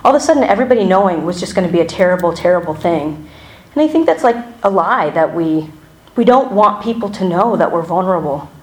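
A woman shares a personal testimony before a church gathering. She talks in a loose, candid way, with frequent fillers and restarts, a slightly low voice and a roomy, echoing sound. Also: lively intonation, fast talker. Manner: candid and conversational, many fillers and self-corrections, wry asides. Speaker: church member giving a testimony. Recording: roomy hall echo.

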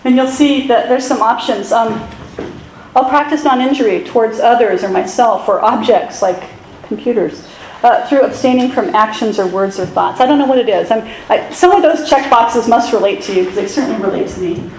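A woman pastor giving a sermon in a conversational, self-deprecating way with animated asides. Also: a little high, normal speed, roomy sound, slight background noise, low-quality recording.

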